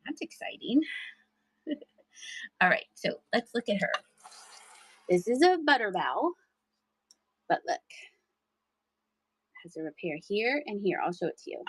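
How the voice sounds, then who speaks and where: A woman's voice: mid-range voice, sing-song, unhurried, long pauses, slightly rough, no room sound, rough recording. A woman hosting a live thrift sale, chatting casually with viewers and laughing often. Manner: chatty, giggly, talks to chat viewers. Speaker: live-stream thrift seller. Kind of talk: casual live-selling chat.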